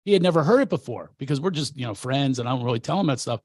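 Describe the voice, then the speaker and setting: A man's voice: mid-range voice, expressive, very fast, a little mellow, no room sound, studio quality. A comedian and coach from Philadelphia, a man telling brash, self-mocking stories in casual chat.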